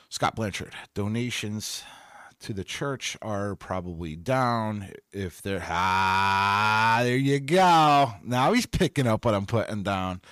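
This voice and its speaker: A man's voice: fairly low pitch, no room sound, studio quality. A middle-aged man hosting a podcast alone, fired up and sarcastic, swearing as he reads out listener comments. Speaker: podcast host. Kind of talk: solo podcast rant reading live comments.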